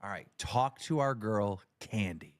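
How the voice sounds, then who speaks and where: A man's voice: lowish voice, animated, a little slow, dry recording. A man hosting a livestream game, animatedly directing the players. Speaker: livestream host.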